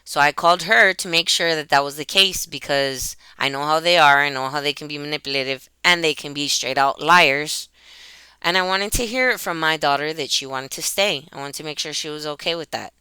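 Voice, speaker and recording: Woman vlogger, webcam monologue; very bright, crisp voice, dry sound, emotional and rambling delivery. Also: low-pitched, brisk, no room sound. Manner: emotional, rambling, restarts and repeats herself. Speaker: YouTuber. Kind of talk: personal vlog monologue. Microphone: computer webcam.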